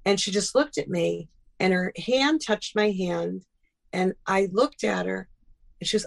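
Gravelly middle-aged woman telling stories. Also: medium pitch, a little slow. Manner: animated, acts out quoted dialogue. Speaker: guest. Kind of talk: casual interview storytelling.

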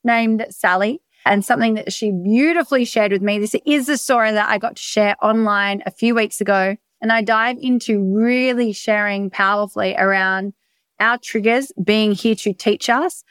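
An Australian woman hosts her own podcast alone, speaking straight into a dry, close mic with no room sound. She rambles through stories with lively energy and drops swear words freely. Her voice sits at a middle pitch for a woman. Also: normal speed, clean tone, no echo. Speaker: podcast host. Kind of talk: casual solo podcast monologue. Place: bedroom.

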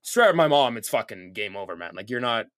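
A man's voice: mid-range voice, big pitch swings, a little fast, a crowd in the background. A young man from Canada co-hosting a podcast in loose casual chat, swearing a lot and filling his talk with "like.". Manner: loose, profane, heavy with filler "like". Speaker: podcast co-host. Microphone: podcast mic.

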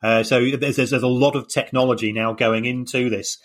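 A man's voice: mid-range voice, steady tone, brisk. A man co-hosting a podcast, explaining with many hesitations and restarts. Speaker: podcast co-host. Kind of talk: casual chat.

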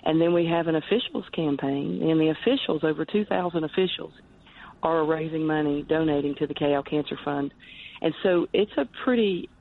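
A woman's voice: low-pitched, brisk, vocal fry. A woman guest, a charity director, talking earnestly in a podcast interview, rambling with frequent restarts. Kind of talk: podcast interview over the phone. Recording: tinny phone line.

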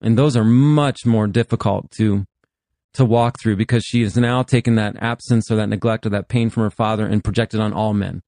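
A man's voice: fairly low pitch, steady tone, moderate pace, mellow, dry recording, clean studio sound. A man in his fifties, a pastor and therapist, talking earnestly in a podcast conversation and often laughing while he speaks. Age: 50s.

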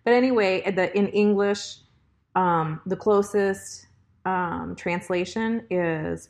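A woman's voice: medium pitch, slow, a little mellow. A middle-aged woman telling personal stories in a casual chat. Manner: storytelling, chatty with laughs. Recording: echoey room.

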